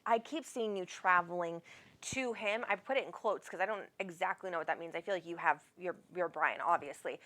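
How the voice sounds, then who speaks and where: A woman's voice: mid-range voice, a bit bright. A middle-aged woman hosts a live psychic show in an affectionate, rambling way. She fills her talk with "um" and "like" and calls her callers "honey." Her voice sits in a middle register. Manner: chatty, affectionate, rambling with many fillers. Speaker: psychic medium host. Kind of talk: live-stream reading with callers.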